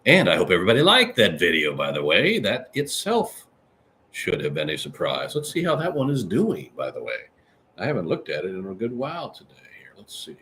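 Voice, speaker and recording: Man, live-stream podcast host, rambling casual chat, low pitch, very lively intonation, faint background hiss. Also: fairly quick. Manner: chatty, rambling, animated swings in pitch.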